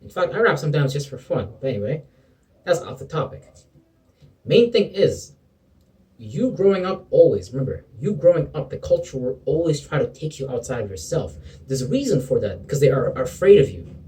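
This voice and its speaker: A man's voice: mid-range voice, big pitch swings, a little fast, warm tone, recorded from a distance, poor audio. A man giving an impassioned spiritual pep talk to camera, preachy and sometimes sarcastic, calling the listener bro and man. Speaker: motivational video preacher.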